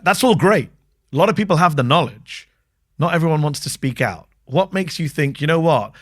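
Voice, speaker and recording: A man's voice: fairly high pitch, animated, normal speed, no echo. Man interviewing a guest, dry sound. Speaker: interviewer host. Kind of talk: interview questioning.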